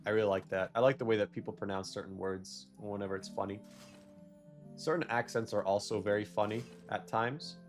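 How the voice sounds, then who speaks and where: Low-voiced young man rambling over gameplay. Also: steady tone, fairly quick, soft background music. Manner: rambling, self-correcting, jokey rants. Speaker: gaming video creator. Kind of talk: casual gameplay commentary with tangents.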